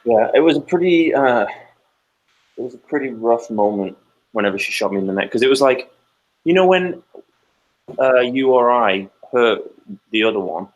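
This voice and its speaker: A man's voice: mid-range voice, normal speed, long pauses, dull audio. A man in his thirties, a podcast co-host, telling stories in casual chat and acting out quoted lines. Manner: animated storyteller, acts out quoted lines loudly.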